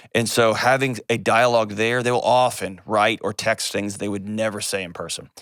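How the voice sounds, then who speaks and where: A man, hosting an advice call-in show and answering a caller in an earnest, gentle way. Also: medium pitch, smooth, dry recording, clean studio sound. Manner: earnest and gentle, shifts pace often.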